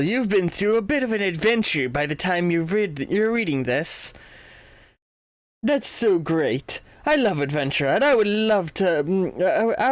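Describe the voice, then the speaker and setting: A man's voice: sits high, dry recording. A man doing a posh, jovial young British adventurer. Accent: put-on British. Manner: hearty, chummy, stumbling over lines while reading aloud. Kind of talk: reading comic dialogue aloud in a character voice.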